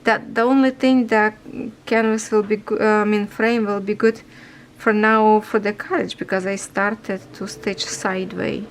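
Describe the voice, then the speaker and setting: A cross-stitch vlogger chats casually as she stitches, rambling in broken, non-native English and sounding a little stuffy from a blocked nose. Her medium-pitched voice moves little and runs at normal speed, on a low-quality recording with slight background noise.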